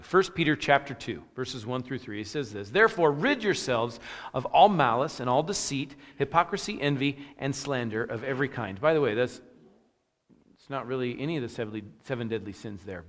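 A man preaching a sermon as a pastor, telling a self-deprecating story with restarts and fillers before moving into scripture. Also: mid-range voice. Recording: long hall reverb.

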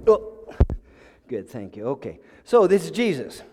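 High-pitched, animated male storyteller preaching, chuckly and halting, in a reverberant hall. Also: heavy background noise. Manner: chuckling, repeats his words while searching for them. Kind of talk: storytelling sermon.

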